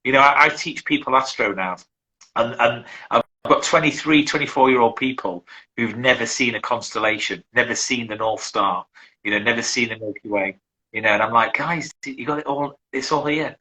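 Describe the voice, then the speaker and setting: Middle-aged english guy, survival instructor type, rambles a lot, bright forward voice. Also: mid-range voice, moderate pace, rough recording. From England. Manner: rambling, repeats words and restarts often. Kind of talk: casual interview chat.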